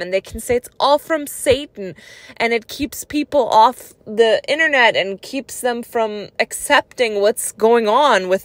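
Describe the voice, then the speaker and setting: A woman's voice: fairly high pitch, dry recording. A woman telling her own life story in a personal vlog, speaking in an earnest, conversational and reflective way.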